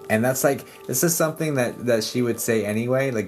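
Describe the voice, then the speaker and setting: A man's voice: lowish voice, moderate pace, hardly any pauses. A man speaking as a psychic medium on a casual livestream, rambling and chatty with many fillers and laughs. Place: home livestream setup. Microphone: streaming mic. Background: soft background music.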